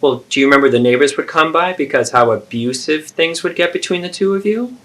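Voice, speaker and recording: A man's voice: fairly high pitch, animated, fairly quick, fairly bright tone. A man playing an adult daughter who earnestly and persistently confronts her mother in a therapeutic role-play.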